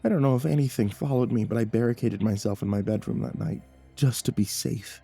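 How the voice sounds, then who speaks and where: A man narrating a horror story in a measured, dramatic way, with nervous stammered repeats in the telling. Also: medium pitch, gravelly, dark tone, breathy edge. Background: faint background music.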